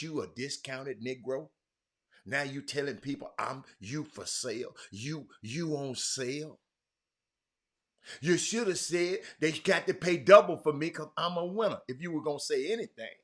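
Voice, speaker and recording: A man hosting a sports talk show, speaking emphatically, swinging between loud outbursts and low asides. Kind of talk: animated sports talk commentary.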